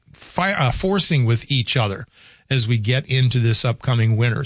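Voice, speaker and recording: A man's voice: medium pitch, no room sound, studio quality. An older man hosting a call-in radio show, talking casually and rambling as he thinks aloud.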